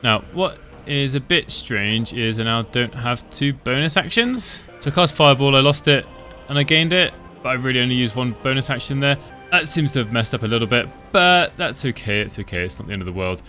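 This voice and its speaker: Man, gameplay commentary, relaxed and chatty, bright tone, faint background music. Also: mid-range voice, a little fast. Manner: relaxed, chatty, thinking aloud. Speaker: gaming channel host.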